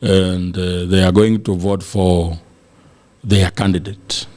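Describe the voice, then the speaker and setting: A man's voice: low-pitched, flat delivery, slow pace, warm tone. Kenyan guy on a politics podcast, emphatic and sure of himself, slips into swahili. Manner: emphatic, declarative, mixes Swahili into English. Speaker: political guest, senatorial aspirant. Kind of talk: animated political podcast debate.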